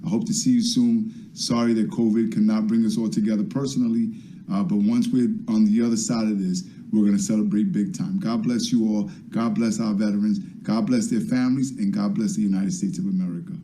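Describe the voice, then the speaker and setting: Man, very dark mellow tone, lowish pitch, earnest patriotic speech, video call audio. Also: fairly even intonation, a little fast, rough recording. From the Bronx, New York. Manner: earnest, patriotic, with fillers and restarts. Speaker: borough president. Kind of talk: speech to a virtual event.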